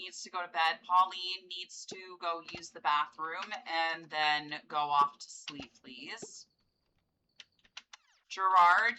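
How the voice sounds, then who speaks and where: Bright-voiced woman narrating her gameplay. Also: fairly low pitch, slight background noise, low-quality recording. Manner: chatty, coaxing, pleading with game characters. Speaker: gameplay video host. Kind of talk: casual gameplay commentary.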